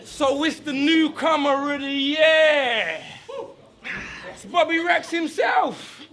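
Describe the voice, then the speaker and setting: A battle rapper with a very high, bright and forceful voice, firing off aggressive, taunting bars. He delivers them slowly and deliberately, shouting his punchlines in an indoor event hall. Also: animated. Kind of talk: live rap battle verses.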